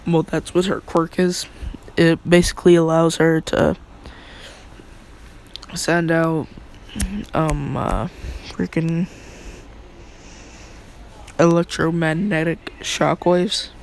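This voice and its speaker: A man's voice: a little high, flat delivery, slow pace, vocal fry, pauses often, a little hiss or hum, poor audio. A man casually telling a fan story, rambling with many fillers and offhand asides.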